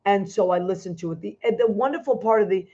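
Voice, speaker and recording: A woman's voice: medium pitch, quick pace, darkish tone. Effusive woman hosting over a video call. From Italian-American. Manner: emotional, effusive, talks with many restarts. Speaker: host. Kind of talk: casual chat on a video call show. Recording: dull lo-fi video call audio.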